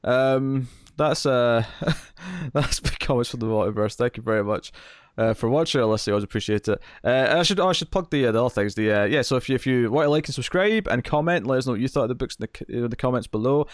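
A man's voice: mid-range voice, expressive, fast, hardly any pauses, dry recording, studio quality. A man hosting a comics podcast, chatting casually, laughing often and restarting his sentences. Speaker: podcast host. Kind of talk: casual chat.

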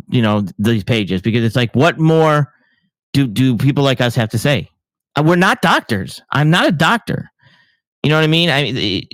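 A man's voice: mid-range voice, a bit bright, no echo. Earnest stammering male co-host. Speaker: podcast co-host. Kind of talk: live-stream podcast chat.

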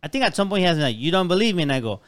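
A man's voice: high voice, big pitch swings, rapid-fire, a bit bright, no echo. A man, a podcast co-host, in casual chat, telling his side with stammers, repeats and laughter.

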